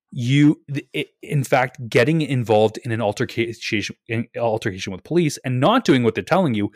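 Animated, swearing podcast guy. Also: mid-range voice, dry recording, clean studio sound. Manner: animated retelling, swears freely, hedges and restarts. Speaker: podcast co-host. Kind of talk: casual podcast chat.

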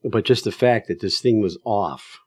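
A man's voice: fairly low pitch, moderate pace, darkish tone, no echo, clean studio sound. A man giving casual, emphatic advice to drivers, telling stories in a plain-spoken way with plenty of fillers.

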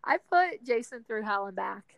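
A young woman co-hosting a casual chat, animated and chatty, swearing freely while she does chores. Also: on the high side, normal speed, creaky, crowd noise, rough recording. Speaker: podcast co-host.

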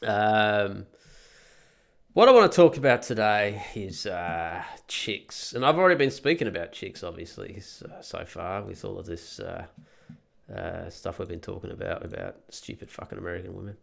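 Deep and gravelly, this middle-aged podcast host sounds animated at a moderate pace. Nursing a head cold, he wanders through a profane, rambling story in an easygoing monologue.

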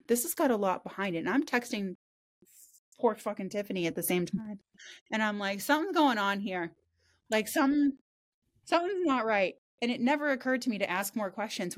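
A woman hosting a podcast in casual chat, telling stories in a rambling way and swearing freely. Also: mid-range voice.

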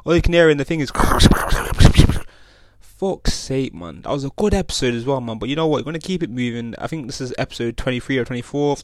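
A young man hosts a casual solo podcast on his own podcast mic, rambling, swearing a lot and repeatedly asking "you know what I'm saying." His medium-pitched voice is expressive and brisk, and the recording is dry.

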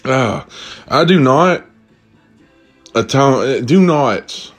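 An animated, foul-mouthed young man spins a story for his viewers, his pitch swinging wildly as he rants. He talks in loose slang and sips a drink between bits. Faint music plays behind him. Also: extremely slow. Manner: profane, animated, slangy ranting. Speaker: vlogger telling a story to viewers.

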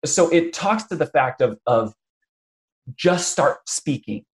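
A man hosting a casual interview who tells stories with energy. He slips into other people's voices as he retells what they said, with quick restarts and plenty of "you know.". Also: a little high. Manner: animated storyteller, acts out quotes. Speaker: podcast host.

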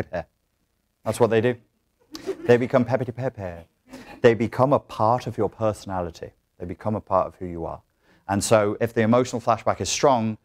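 A man giving a live workshop talk to an audience in a blunt, profane, joking way, with restarts. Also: lowish voice. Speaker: workshop speaker.

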